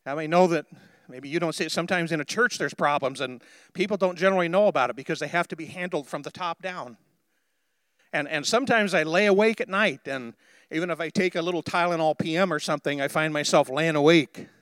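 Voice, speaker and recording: A male pastor delivers a sermon in a high, light voice, recorded dry and close. He talks to the congregation in an easy, conversational way, then rises into emphatic, declaring preaching. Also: quick pace, a bit bright, no echo.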